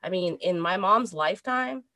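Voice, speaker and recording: A woman in her thirties telling a personal story in casual chat, animated and breaking into laughter. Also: lowish voice, normal speed, dry recording. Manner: animated storyteller, laughs through a sad tale.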